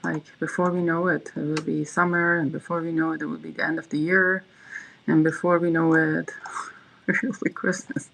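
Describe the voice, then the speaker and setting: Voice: medium pitch, level tone, moderate pace, vocal fry, a bit bright, a little hiss or hum, low-quality recording. A livestream host in casual chat, rambling and reading viewers' messages aloud. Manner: frequent fillers and restarts.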